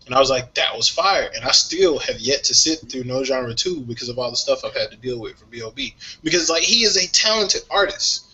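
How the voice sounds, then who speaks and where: A man co-hosting a casual music talk show, sharing strong opinions in a lively way and laughing often. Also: mid-range voice, fairly quick, few pauses. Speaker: podcast co-host. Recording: dull lo-fi sound.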